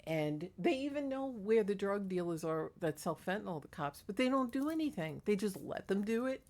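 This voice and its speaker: A middle-aged woman talks straight into a small clip-on mic, spinning a neighborhood story in a loose, chatty vlog. She sounds fed up and indignant, with a pitch that sits right in the middle for a woman. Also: animated, normal speed, darkish tone. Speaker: vlogger. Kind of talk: casual gossip vlog. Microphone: clip-on microphone.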